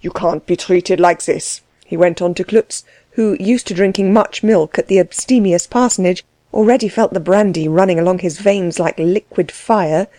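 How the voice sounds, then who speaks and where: A woman narrating a novel aloud in a measured, expressive reading. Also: medium pitch, no echo. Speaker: audiobook narrator.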